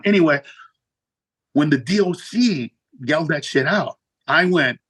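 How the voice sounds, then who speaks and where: A man, a comedian, telling a profane story in a casual interview, animated and jumping up in pitch for punchlines. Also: unhurried, long pauses, breathy edge, rough recording. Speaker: guest comedian.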